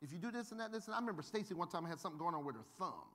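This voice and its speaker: Bright high-voiced preacher man. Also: very fast. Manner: animated, humorous, acts out quoted voices. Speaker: pastor. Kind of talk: sermon with storytelling.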